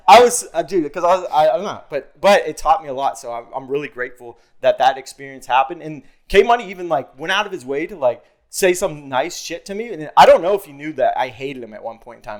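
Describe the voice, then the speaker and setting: Guy on a podcast telling a story, cursing a lot, slightly high voice, acts out all the quotes. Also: brisk, hardly any pauses. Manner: animated, profane, acts out his own quotes. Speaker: podcast guest. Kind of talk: casual storytelling.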